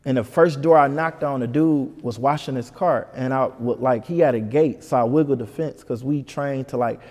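A man from Detroit, a comedian telling a lively story in an interview and putting on voices for the people in it. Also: medium pitch, moderate pace, long reverb tail. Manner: animated, puts on voices for people in his stories. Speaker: comedian guest.

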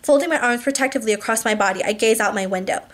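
A woman reading a novel aloud in the first person, slowing for emphasis, adding small asides and fixing words she stumbles on. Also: a little high, a bit bright.

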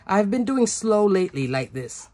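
Very animated and warm, this craft tutorial host speaks at a medium pitch and normal speed while demonstrating how to make a card step by step. She's chatty, explains every stage, and occasionally laughs at herself. A little hiss or hum sits in the background.

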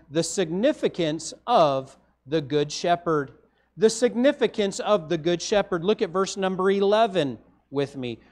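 A male pastor with a Midwestern American accent preaches a sermon, his voice rising emphatically to stress points and dropping low as each phrase ends.

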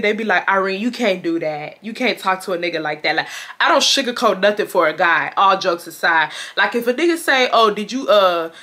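Blunt, bright-voiced young woman telling a story. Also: mid-range voice. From Houston, Texas. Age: 20s. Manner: blunt, animated, talks straight to viewers, acts out quotes. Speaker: storytime vlogger. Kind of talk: casual storytelling to viewers.

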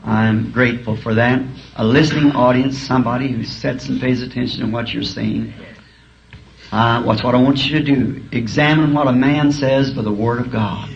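A man's voice: mid-range voice, steady tone, moderate pace, vocal fry. Folksy preacher man on old tape. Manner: folksy, humorous storytelling. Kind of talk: sermon. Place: school auditorium. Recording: dull archival tape, faint hiss.

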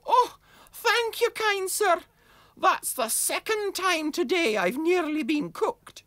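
A shrill little kettle badger. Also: male voice, expressive, slow pace, pushed and bright, dry recording, heavily acted. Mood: grateful. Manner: shrill, squealing cries. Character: small panicky magic tea kettle badger. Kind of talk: storybook reading.

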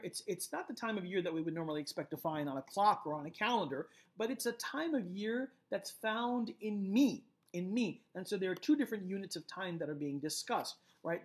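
A man's voice: sits high, lively intonation, brisk, few pauses. A man giving a recorded literature lecture, explaining poetic rhythm step by step and often checking in with "right?". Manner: explanatory, repeats key phrases, frequent "right?"; rhythmic chanting of stress patterns.

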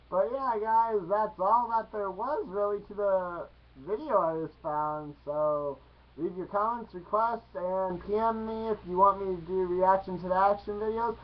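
A young vlogger hosting a casual reaction video, excitable and jokey, breaking into squeals and silly voices. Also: mid-range voice, measured pace, music in the background. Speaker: YouTube reaction video host. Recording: muffled lo-fi recording.

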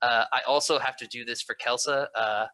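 A man's voice: medium pitch, steady tone, a little fast, pushed and bright, no room sound, poor audio. A man chatting casually before a tabletop game, rambling with lots of fillers and restarts. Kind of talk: casual chat.

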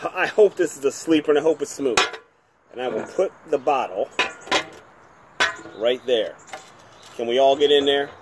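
Man, from New Jersey, channel host, casual rambling review, mid-pitched voice, faint background noise. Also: normal speed, long pauses. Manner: chatty, rambling, self-deprecating. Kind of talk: casual home video review.

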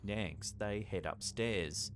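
Measured male narrator, suspenseful, low. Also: a little hiss or hum. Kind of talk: scripted documentary narration.

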